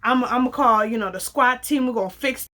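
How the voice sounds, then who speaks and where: A young adult woman casually telling a personal story, acting out the dialogue with lively slang. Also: on the high side, brisk. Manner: animated, acts out quoted dialogue, casual slang.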